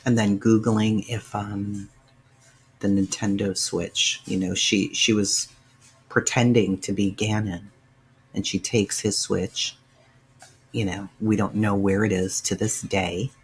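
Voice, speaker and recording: A man's voice: fairly low pitch, fairly even intonation, a little slow, slight background noise. A man hosting a casual livestream, answering viewers' chat by name and sounding emotional and sighing as he talks. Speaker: livestream host.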